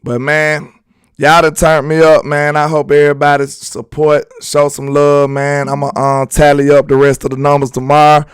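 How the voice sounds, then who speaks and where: A young man hosting a sports talk show, talking fast and slangy while firing up fellow fans with confidence. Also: fairly high pitch, monotone, clear, resonant tone, no echo. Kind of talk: fired-up sports fan talk.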